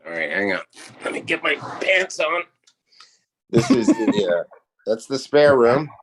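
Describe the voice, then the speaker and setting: A man guest telling crude comic stories in a deadpan way, speaking over a video call. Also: medium pitch, background noise. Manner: crude deadpan jokes, animated, quick shifts into put-on voices. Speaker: comedian guest. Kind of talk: comedic rant in casual chat.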